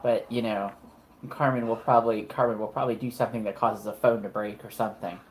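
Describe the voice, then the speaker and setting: Calm young hacker woman, voiced by a man, plain and unhurried. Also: lowish voice, a little hiss or hum, close to an everyday voice, rough recording.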